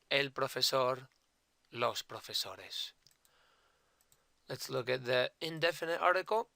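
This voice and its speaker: A man teaching Spanish grammar in English, speaking slowly and deliberately, repeating and spelling out each example and mixing Spanish words into his explanation. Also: medium pitch, sharp tone, dry recording.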